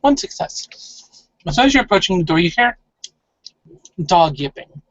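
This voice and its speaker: A game master steadily describes the scene and asks for dice rolls in a tabletop role-play game. The voice sits at an ordinary pitch. The audio is dry and dull, with a lo-fi sound. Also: big pitch swings, a little fast, a bit bright, no echo.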